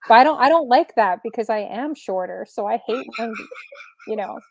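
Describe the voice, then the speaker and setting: A woman's voice: fairly high pitch, expressive, moderate pace, darkish tone, no echo, highs cut off. Female guest, rambling chatty storyteller, dry close mic. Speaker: guest DJ and streamer. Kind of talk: casual chat.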